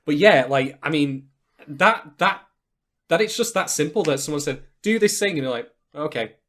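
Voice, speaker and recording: A man co-hosting a casual podcast, talking in an animated, jokey way with exaggerated mock reactions. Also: fairly high pitch, normal speed. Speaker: podcast co-host.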